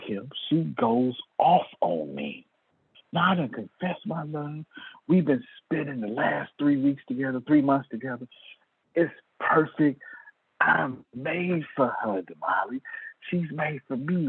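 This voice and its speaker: A man speaking to an audience, telling a story in a lively way, calling on listeners by name and acting out what people said. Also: mid-range voice, husky, no echo. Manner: lively, calls on listeners by name, acts out quoted lines. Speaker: motivational speaker. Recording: tinny phone-like sound.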